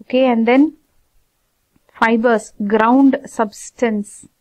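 A woman teaching anatomy in an informal lecture, repeating terms slowly and asking her students questions. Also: on the high side, fairly even intonation, a little mellow.

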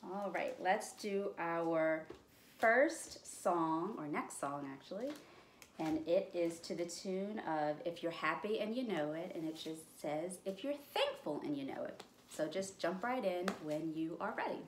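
A woman librarian reading a picture book aloud at storytime, with slow, expressive, encouraging delivery. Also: fairly low pitch, roomy sound, slight background noise. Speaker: children's librarian.

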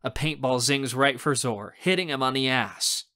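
Bright-voiced male audiobook narrator. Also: medium pitch, normal speed. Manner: expressive, acts out the scenes. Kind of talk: first-person audiobook narration.

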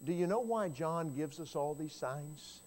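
Man preaching a lively storytelling sermon. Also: a little high, a little slow. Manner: storytelling sermon with wide swings in loudness, rising to cries; repeats words when starting a phrase. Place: church.

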